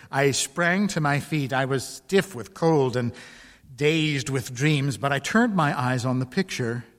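Slow-reading man in a reverberant hall. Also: medium pitch. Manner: slow, measured storytelling. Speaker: story reader. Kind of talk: dramatic first-person ghost story reading.

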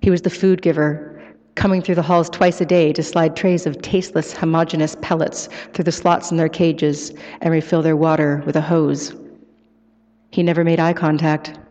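A woman author giving a live, expressive book reading and taking questions in an event hall. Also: sits low, moderate pace. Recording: echoey hall, muffled live sound.

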